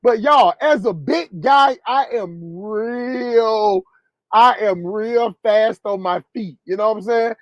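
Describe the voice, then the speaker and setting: A man who drives trucks telling a profane story to his viewers in an animated way. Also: high-pitched, slow pace, no echo, highs cut off. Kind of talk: storytelling vlog.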